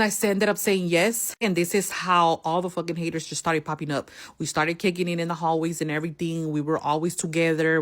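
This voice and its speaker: A low-voiced woman casually tells a personal story, swearing heavily in street slang and acting out each person she quotes.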